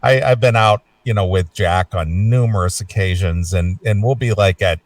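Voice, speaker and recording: A man's voice: deep voice, normal speed, dry recording, recorded from a distance. A man hosting a casual interview, rambling with lots of fillers and repeated words. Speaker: host.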